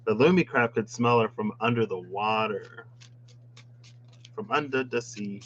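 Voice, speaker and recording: A man's voice: lowish voice, measured pace, fairly bright tone, lo-fi sound, slight background noise. A man reading tarot cards in a casual chat, musing aloud with playful asides. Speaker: tarot reader. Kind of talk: casual tarot deck walkthrough.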